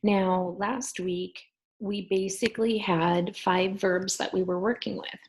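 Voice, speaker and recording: A woman teaching a class, patiently repeating verb endings slowly. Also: mid-range voice, fairly even intonation, slight background noise, rough recording. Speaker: Spanish teacher. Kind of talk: recorded class lesson.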